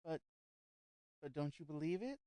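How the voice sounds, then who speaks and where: A man's voice: fairly high pitch, animated, normal speed, warm tone, dry recording, lightly acted. A man voicing an anxious, fussy society lady who hesitates and stumbles over her words. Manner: nervous, hesitant, stammering repeats.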